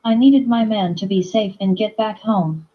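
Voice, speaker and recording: A woman reading a romance novel aloud in first-person narration, plain and steady. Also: mid-range voice, normal speed, breathy edge, dull audio. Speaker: audiobook reader.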